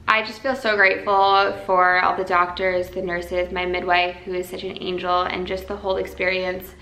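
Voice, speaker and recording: Chatty young woman, bright voice. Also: fairly low pitch, flat delivery, moderate pace, few pauses, roomy sound, slight background noise, poor audio. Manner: heartfelt, chatty, many "like"s. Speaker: vlogger. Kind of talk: casual birth story vlog.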